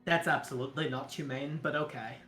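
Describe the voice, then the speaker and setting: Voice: medium pitch, fairly even intonation, brisk, sharp tone, roomy sound, soft background music. A player in a tabletop game who jokes in an indignant way. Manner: joking, indignant. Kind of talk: tabletop role-play banter.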